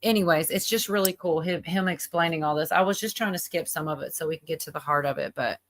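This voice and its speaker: A woman's voice: deep voice, fast. A woman hosting a livestream, chatting casually and rambling with lots of fillers while she reacts to a video. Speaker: livestream host.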